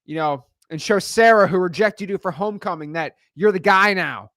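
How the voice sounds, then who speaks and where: A young man with a high-pitched voice gives a blunt, sarcastic motivational rant as a wholesaling coach. He repeats words when he gets worked up. The sound is close and dry, with no room echo. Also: moderate pace, fairly bright tone. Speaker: real estate wholesaling coach.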